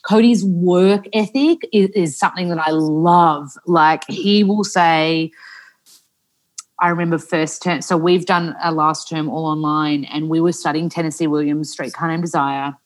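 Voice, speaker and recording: A woman's voice: low-pitched, fairly even intonation, unhurried. A woman in her thirties with an Australian accent, a podcast guest telling stories in casual chat, acting out what others said and using lots of "like". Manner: chatty storyteller, acts out quotes, many "like" fillers.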